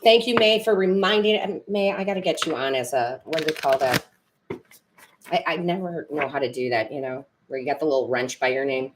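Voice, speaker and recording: Woman, low voice, tarot reader on a live stream, rambling, emotional, teary, faint background hiss. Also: brisk. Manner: chatty, rambling, emotional, self-correcting. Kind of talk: live-stream chat with viewers.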